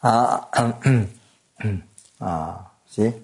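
Male Buddhist teacher, low gravelly voice, halting delivery full of fillers and throat-clearing. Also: darkish tone, rough recording. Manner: halting, many fillers and repeated words; often clears throat and coughs. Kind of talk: Dharma teaching to students.

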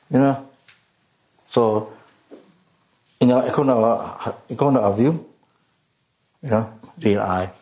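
Slow, gravelly-voiced Buddhist teacher, a man. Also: lowish voice, warm tone. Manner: halting, many fillers and restarts; frequent coughs and throat-clearing. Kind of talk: dharma talk.

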